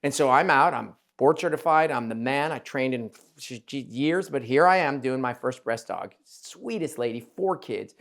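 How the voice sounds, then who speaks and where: A plastic surgeon hosts a podcast in a mid-range, somewhat bright, creaky voice, expressive and moderately paced with hardly any pauses. In casual conversation he candidly tells patient stories, swearing freely and acting out quoted voices.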